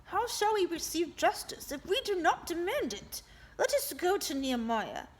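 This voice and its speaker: A woman's voice: very high voice, big pitch swings, normal speed, voice pushed up. A woman doing a poor, doubtful man with a harelip. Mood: doubtful, questioning.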